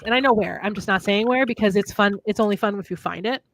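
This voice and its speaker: A woman's voice: mid-range voice, quick pace, few pauses. A young woman from Minnesota chatting on a livestream, rambling through fun facts. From Minnesota, USA. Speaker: livestream co-host, author. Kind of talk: casual chat.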